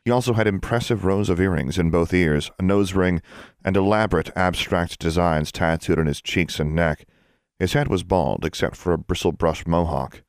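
A deep-voiced male audiobook narrator reads scripted narration at normal speed. The recording is dry, with clean studio sound.

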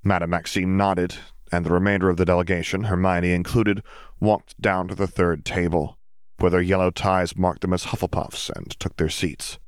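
Male audiobook narrator, very low voice, dry close sound, steady descriptive reading. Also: normal speed, clear, resonant tone, dry recording.

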